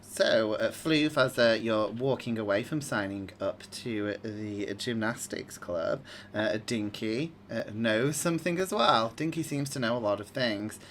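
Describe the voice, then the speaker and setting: A man's voice: fairly low pitch, measured pace, hardly any pauses, fairly bright tone, slight background noise. Rambling man running a tabletop game. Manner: rambling, many fillers. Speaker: game master.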